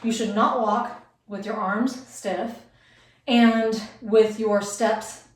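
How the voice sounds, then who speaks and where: Speaking at a slow pace in a steady, mid-range voice, this U.S. beauty vlogger in her forties shares tips casually, wandering into asides and fillers. The mic sits some distance away, giving a roomy sound.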